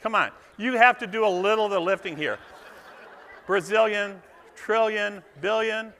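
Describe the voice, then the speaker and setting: A man's voice: high voice, normal speed, fairly bright tone, big-room sound. A man emceeing a club dinner, telling folksy, self-deprecating jokes and trivia to a live audience. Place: event hall with a live audience.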